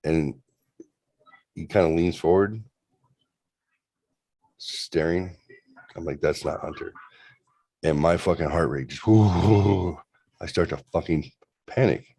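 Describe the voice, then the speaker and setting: Super low-voiced guy in his 40s, dry mic, swearing a lot while he rambles through a story. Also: slow pace, pauses often, warm tone, husky, no echo. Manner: loose, profane, rambling storyteller. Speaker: show host. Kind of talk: casual storytelling on a livestream.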